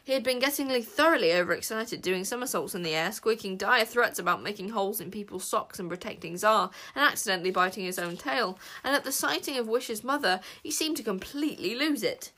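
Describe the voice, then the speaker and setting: A woman reading a children's fantasy story aloud with expressive narration. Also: mid-range voice, brisk, few pauses. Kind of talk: audiobook narration.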